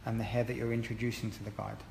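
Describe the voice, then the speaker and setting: A man's voice: fairly low pitch, flat delivery, rapid-fire, vocal fry, a little mellow, a little hiss or hum. A man giving a chatty, encouraging live-streamed haircut tutorial, explaining each step as a hairdressing educator. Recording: roomy echo with long reverb and faint ambience.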